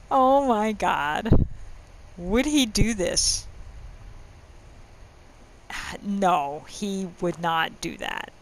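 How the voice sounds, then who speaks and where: A woman's voice: medium pitch, lively intonation, very slow, pauses often, a little hiss or hum, poor audio. A woman hosting a let's-play, talking in a chatty, musing way and laughing often while she plays. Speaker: gaming channel host.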